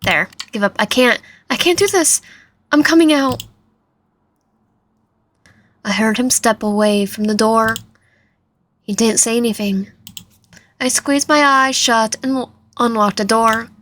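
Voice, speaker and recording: A woman's voice: a little high, measured pace, long pauses, fairly bright tone. A young woman hosting a gaming channel, reading a visual novel aloud dramatically with commentary, often stumbling and restarting words. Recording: faint game music behind.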